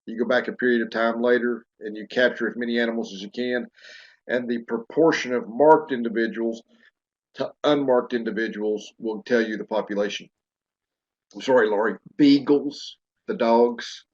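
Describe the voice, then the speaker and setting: A man with a Southern US accent, a wildlife professor explaining field methods in a casual, unhurried way with many fillers. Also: mid-range voice, steady tone, slightly rough, muffled recording. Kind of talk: casual educational discussion.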